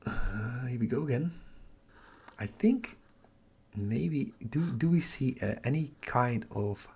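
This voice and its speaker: A middle-aged man hosting a night-time telescope livestream from home, half-whispering so he doesn't wake the house, muttering to himself over his capture software. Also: mid-range voice, lively intonation, slow, vocal fry, husky. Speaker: astrophotography livestream host. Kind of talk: live stream commentary, talking to chat.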